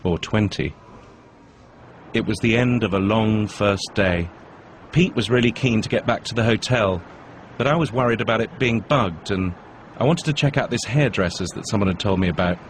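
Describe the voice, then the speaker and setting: A British man in his forties with a fairly low voice, reading scripted voice-over narration. His delivery is dry and wry, full of understatement. A faint hum sits underneath. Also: moderate pace.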